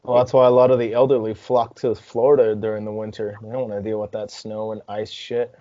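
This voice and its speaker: A young man hosting a casual podcast, relaxed and profane, asking questions and chiming in. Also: on the low side, a little fast, no echo. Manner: relaxed, swears freely, laughs often. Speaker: podcast host. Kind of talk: casual interview chat. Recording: dry dull lo-fi podcast audio.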